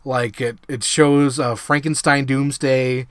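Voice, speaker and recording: A man hosting his own vlog, reviewing a film in a casual, excitable monologue, swearing freely and acting out scenes. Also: medium pitch, takes it slowly, no room sound, clean studio sound. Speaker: movie reviewer, host.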